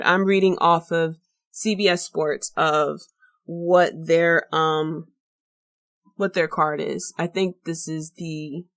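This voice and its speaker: Lower-voiced woman hosting a chatty podcast. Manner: chatty and rambling, with many fillers and restarts. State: tired, late at night. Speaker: podcast host. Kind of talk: casual solo podcast talk.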